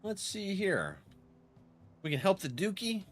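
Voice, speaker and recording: A man's voice: unhurried, faint music behind. A man streaming a game, chatting casually with his viewers and reading their messages aloud, laughing often. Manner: chatty, reads chat aloud, laughs often, lively swings in pitch.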